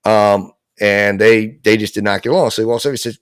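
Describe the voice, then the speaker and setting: A man's voice: fairly low pitch, fairly quick, smooth, no echo. A man casually telling a long personal anecdote on a live talk show. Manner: relaxed storytelling, lots of fillers.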